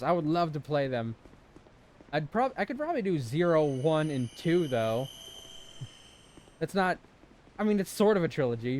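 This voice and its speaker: A man's voice: fairly high pitch, a little mellow. Joking, swearing young man streaming a game. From Southern California. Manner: playful, swearing, joking with chat. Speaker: gaming streamer. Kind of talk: casual let's-play commentary.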